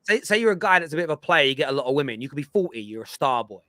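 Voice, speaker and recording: A man hosts a football fan chat with a bright, forceful voice that sits a little high. He lectures and stresses his points with energy, and the close microphone sounds dry and present. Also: very fast, no room sound. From England. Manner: emphatic, lecturing, animated. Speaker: football fan show host.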